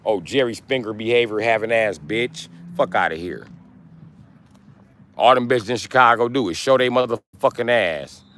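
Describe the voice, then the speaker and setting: A man's voice: fairly low pitch, lively intonation, normal speed, a bit bright. Brash, taunting man ranting on a stream. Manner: brash, crude, taunting, repeats for emphasis. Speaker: livestreamer. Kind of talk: live stream rant to chat.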